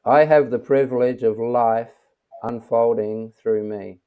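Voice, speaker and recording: A man as an interview guest, calmly explaining spiritual ideas in an unhurried, self-assured way over a video call. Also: medium pitch, smooth. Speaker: interview guest, mystic teacher. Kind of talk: reflective interview talk. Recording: thin phone-like audio.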